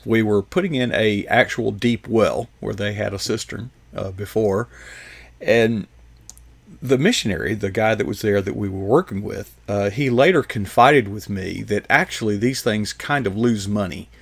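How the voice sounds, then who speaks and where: Man, talk host, gravelly voice, dry sound, folksy, joking asides. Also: lowish voice, moderate pace, dry recording. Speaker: host, psychologist. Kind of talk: casual chat.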